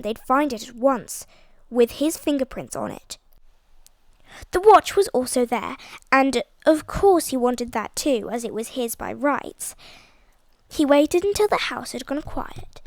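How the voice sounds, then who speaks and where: A woman narrates an audiobook in a lively, expressive way. Her voice is high, and the recording is close and dry with no room around it. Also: no room sound.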